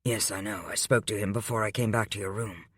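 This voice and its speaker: A man reading an audiobook, voicing a calm, domineering wealthy man who speaks in a measured, patient way. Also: on the low side, breathy edge, no room sound, studio quality, voice pushed down. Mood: commanding.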